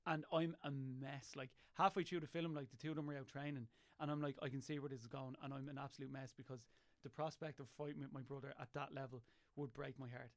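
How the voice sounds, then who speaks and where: A young Irish man in casual chat, telling emotional stories with lively energy and frequent laughter. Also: medium pitch, gravelly.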